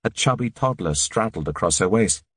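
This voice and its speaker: A man narrating an audiobook in a measured, sombre reading. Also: fairly low pitch, expressive, fairly bright tone, slightly rough, dry recording, studio quality. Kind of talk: scripted narration.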